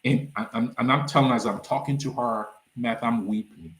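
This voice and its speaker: A man from Nigeria, a nonprofit founder, telling his story as a podcast guest and acting out the dialogue with big swings in pitch. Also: brisk, reverberant. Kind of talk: animated storytelling in a podcast interview.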